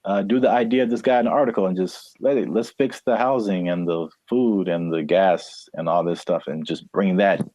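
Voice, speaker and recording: A man's voice: low voice, fairly even intonation, normal speed, few pauses, darkish tone, no echo. A man co-hosting a podcast in casual chat, loose and joking with plenty of fillers. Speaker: podcast co-host.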